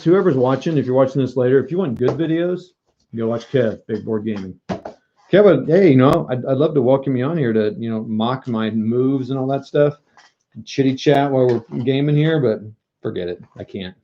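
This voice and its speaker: A man's voice: mid-range voice, moderate pace, dark tone, highs cut off. A man streaming a board wargame live, joking, mocking himself and talking to his viewers. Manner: joking, self-mocking, talks to chat. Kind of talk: casual live-stream commentary.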